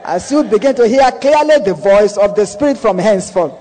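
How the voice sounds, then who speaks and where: A man's voice: sits high, expressive, brisk, mellow, poor audio. A man preaching a sermon, emphatic and repeating key phrases for effect.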